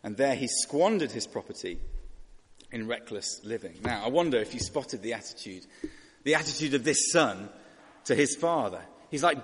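A man delivers a sermon in a chatty, questioning way, slipping into mock voices for the people in his story. His voice is a little husky and swings lively in pitch. It carries a long reverb from a big hall. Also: moderate pace. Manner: conversational, rhetorical questions, voices characters mockingly. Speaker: preacher.

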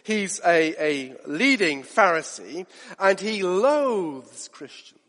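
A male preacher with a high, lively voice swings his pitch up and down as he preaches. He talks in an animated way and acts out the voices he quotes. His voice rings with a long reverb in a church hall. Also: slow pace. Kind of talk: sermon.

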